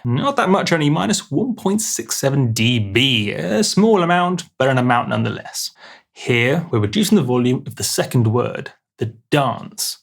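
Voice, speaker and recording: A man's voice: mid-range voice, creaky, slightly rough. A man explaining music production in a casual video tutorial, chatty, with jokey asides and restarts.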